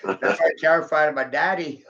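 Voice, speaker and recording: A man's voice: a little high, steady tone, fairly quick, vocal fry, a bit bright, highs cut off. A man rambling through a vlog monologue, cursing, taunting his viewers and laughing at his own jokes.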